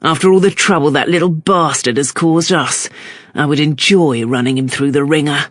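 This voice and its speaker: A narrator doing a gruff, exasperated police chief. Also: medium pitch, fairly even intonation, normal speed, a bit bright, dry recording, clean studio sound, close to an everyday voice.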